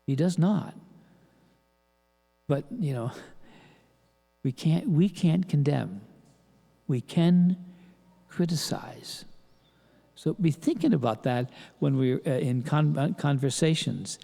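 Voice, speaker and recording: An older man preaching a sermon as pastor, halting with restarts and rhetorical questions. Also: a little high, gravelly, mellow. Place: large church. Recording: long church reverb.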